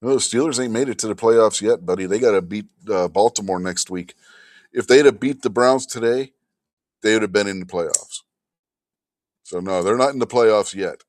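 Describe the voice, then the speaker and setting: A man's voice: lowish voice, moderate pace, no room sound, clean studio sound. A man hosting a casual livestream chat, tired and yawning, talking in a blunt, grumbling way that slips into swearing. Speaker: host.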